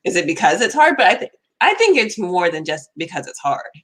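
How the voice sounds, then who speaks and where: A woman's voice: lowish voice, sing-song, fairly quick, fairly bright tone. A woman hosting an interview, affirming her guest and asking long reflective questions. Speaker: interview host. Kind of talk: conversational interview.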